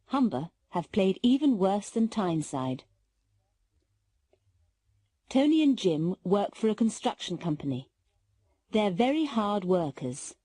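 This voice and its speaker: British female narrator for language lessons: clear, careful reading, mellow, husky, dry studio sound. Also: mid-range voice, sing-song, measured pace, long pauses, no echo. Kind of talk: scripted textbook narration.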